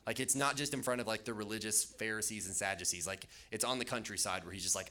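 Man, casual preacher, bright voice, lively storytelling, lots of fillers. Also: lowish voice, quick pace. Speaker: youth pastor. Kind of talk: casual sermon. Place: church hall with an audience.

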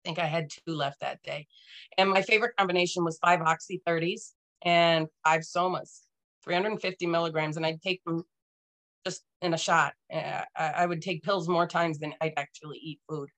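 A woman's voice: on the low side, fairly even intonation, moderate pace, fairly bright tone. A woman speaking as a podcast guest, telling her personal story in a frank, earnest and emphatic way.

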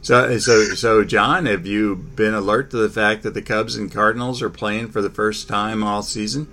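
A man hosting a casual sports talk chat, halting, with many fillers and restarts. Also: fairly low pitch, fairly even intonation, bright, forceful tone, a little hiss or hum.

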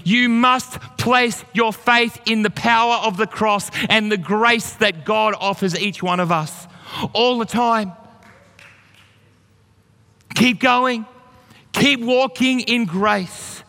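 A man's voice: high-pitched, fairly even intonation, takes it slowly, bright, forceful tone, soft background music. A man preaching a sermon as pastor, telling stories and encouraging his listeners earnestly. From Australia. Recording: long hall reverb.

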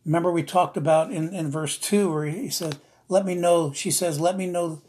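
Man, preacher, very husky voice, slightly high, emotional sermon, earnest, repeats himself. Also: fairly even intonation, a little mellow. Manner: earnest and repetitive, slowing for emphasis. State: emotional, near tears.

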